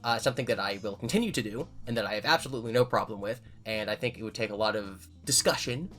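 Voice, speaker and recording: A man's voice: on the low side, fast, a bit bright, faint music behind. A man hosting his own channel, answering viewer questions in casual chat and thinking aloud with frequent restarts.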